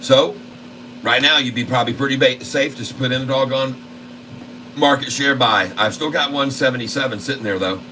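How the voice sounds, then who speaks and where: A man hosting a trading channel, commentating live on his trades in a folksy, excitable way and constantly talking to his viewers. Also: mid-range voice, moderate pace, slight background noise, rough recording. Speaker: stock trading channel host.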